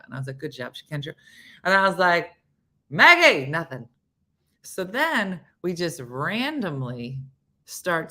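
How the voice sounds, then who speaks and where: A woman hosting a casual morning show, telling a story with lots of acted-out quotes, laughter and sudden whispers. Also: low-pitched. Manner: animated storyteller, acts out quotes, laughs often, drops to whispers.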